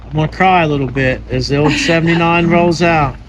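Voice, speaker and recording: A man with a fairly high, easygoing voice talks through his shop work in a casual vlog. His manner is folksy and joking, with plain down-to-earth advice. A faint hum of noise sits behind him. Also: fairly quick. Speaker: vlog host and car restorer. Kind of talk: casual chat and work narration.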